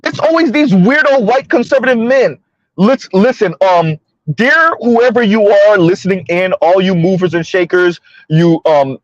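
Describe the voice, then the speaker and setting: A man's voice: sits high, dry recording, highs cut off. A man hosting a live stream, ranting and mocking as he comments, often swearing and laughing.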